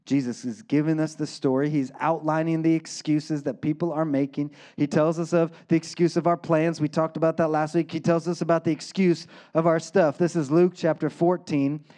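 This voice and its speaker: A man's voice: fairly high pitch, flat delivery, normal speed, few pauses, mellow. A male pastor giving a conversational sermon, often checking in with "right?" and acting out quotes.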